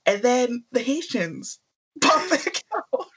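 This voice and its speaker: A woman co-hosting a casual book discussion podcast, relaxed and chatty, laughing often. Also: on the high side, takes it slowly, slightly rough. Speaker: podcast co-host.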